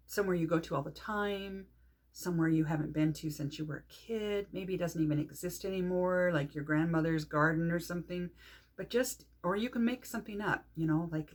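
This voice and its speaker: A middle-aged woman leading a guided grounding meditation, calm and unhurried, pausing often between phrases. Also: sits low, husky. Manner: calm, unhurried, speaks with pauses and soft fillers. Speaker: meditation teacher.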